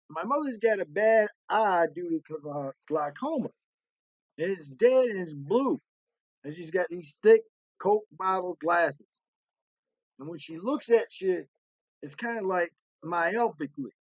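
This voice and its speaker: A man with a high voice tells a personal story with lively energy. The sound is dry and slightly dull, close and without room echo. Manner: animated, acts out voices in quotes.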